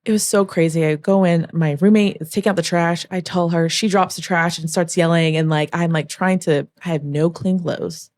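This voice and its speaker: Low-voiced young woman telling a story. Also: moderate pace, few pauses. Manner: emotional, animated storytelling, acts out quoted voices. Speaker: podcast guest, former backup dancer. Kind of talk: storytelling in a podcast interview.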